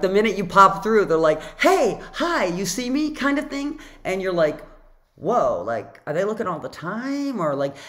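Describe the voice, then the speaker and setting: Chatty woman telling a wild story. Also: low-pitched. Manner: chatty and animated, many "like" fillers, acts out her own reactions. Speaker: author telling a personal story. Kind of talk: casual storytelling vlog.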